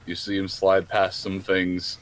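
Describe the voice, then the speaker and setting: Low-voiced man running a tabletop game. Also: completely flat delivery, measured pace, a little hiss or hum, poor audio. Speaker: game master. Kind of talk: narrating a tabletop role-playing game.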